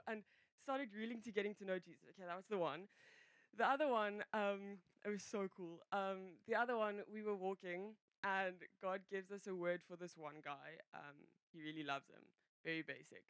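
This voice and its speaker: Speaking to a congregation, a woman gives her testimony in a mid-range voice at a normal pace, recorded dry. She rambles, breaks off her own sentences, and fills the gaps with plenty of filler words.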